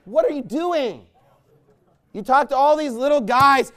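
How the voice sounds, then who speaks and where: A man, a pastor, delivering a sermon in a blunt, emphatic and scornful way, with loud bursts. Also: very high-pitched, animated, measured pace, a faint crowd.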